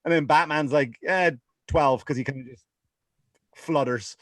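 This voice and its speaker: A man with an Irish accent co-hosts a casual podcast, rambling through comic stories and laughing at his own jokes. His voice is on the high side, fairly bright and unhurried. The recording is dry.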